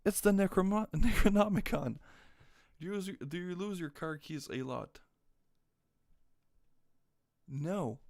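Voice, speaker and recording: A man chatting casually on a live stream, joking crudely and reading quiz questions aloud. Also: a little high. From North America.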